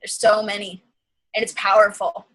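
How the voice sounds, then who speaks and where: A woman's voice: medium pitch, level tone, normal speed, fairly bright tone, rough recording. A woman coach on a casual group call, talking in an emotional, gushing way with many fillers. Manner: reads listener comments aloud.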